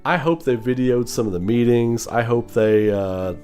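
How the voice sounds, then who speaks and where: A man's voice: mid-range voice, moderate pace, a little mellow, soft background music. A man hosting his channel, ranting casually and animatedly, swearing and mimicking mumbled voices. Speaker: channel host. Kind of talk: casual opinion rant.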